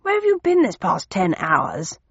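A woman reader voicing a brisk, clipped older gentleman official in a hurry. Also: fairly low pitch, wildly swooping pitch, gravelly, slightly rough, dry recording, dull audio, exaggerated voice. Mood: urgent.

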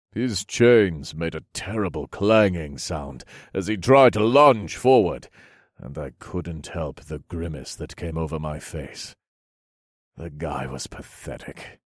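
Deep, slow male audiobook narrator. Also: no echo, studio quality. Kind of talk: first-person fantasy audiobook narration.

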